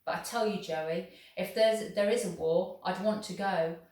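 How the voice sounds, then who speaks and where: A woman reading aloud, voicing an earnest, gentle fifteen-year-old farm boy. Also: fairly low pitch, moderate pace, far from the mic, natural voice. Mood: eager. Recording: echoey room, voice off the mic.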